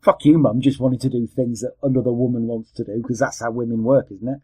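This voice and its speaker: A man hosting a podcast, chatting casually about old adverts, sardonic and prone to swearing, with quiet mumbled asides. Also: mid-range voice, flat delivery, fast, husky, no echo. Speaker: podcast host. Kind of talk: casual chat.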